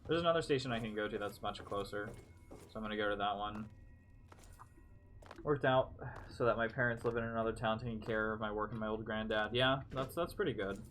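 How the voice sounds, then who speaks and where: A man's voice: fairly low pitch, a little fast, a bit bright, a little hiss or hum. A young man streaming a game, rambling offhandedly and swearing casually as he plays. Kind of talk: casual gameplay commentary.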